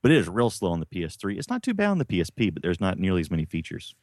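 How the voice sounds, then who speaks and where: A man co-hosts a relaxed gaming podcast, playful and quick to joke. His voice is on the low side but moves animatedly in pitch. The recording is dry, with no room echo. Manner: laid-back, laughs easily, playful. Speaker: podcast co-host. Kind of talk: casual gaming chat.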